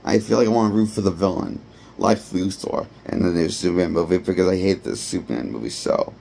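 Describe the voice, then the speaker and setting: A man's voice: low-pitched, fairly quick, creaky, mellow, a little hiss or hum. A man giving a rambling, blunt and profane movie review. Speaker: movie critic. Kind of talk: ranting film review.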